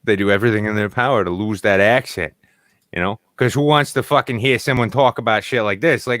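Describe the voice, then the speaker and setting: A man's voice: on the low side, brisk, a bit bright, no room sound, clean studio sound. A young man from New England hosting a podcast, ranting sarcastically and swearing a lot in casual chat. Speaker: podcast host.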